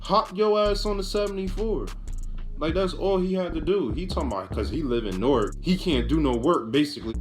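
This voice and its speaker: A man's voice: fairly high pitch, lively intonation, fairly quick, faint music behind. A young man in his late teens telling a casual, profane storytime vlog about his own life. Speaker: vlogger.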